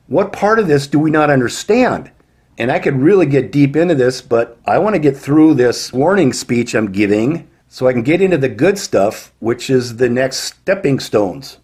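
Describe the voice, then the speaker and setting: Husky man preaching a warning sermon. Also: medium pitch, darkish tone. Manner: emphatic, rhetorical questions to the listener.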